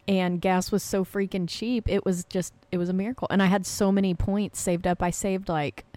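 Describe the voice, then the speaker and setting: A woman's voice: medium pitch, fairly even intonation, moderate pace, mellow, dry recording. A woman co-hosting a casual home podcast, chatty and giggly, rambling through everyday stories. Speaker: podcast co-host. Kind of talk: casual chat.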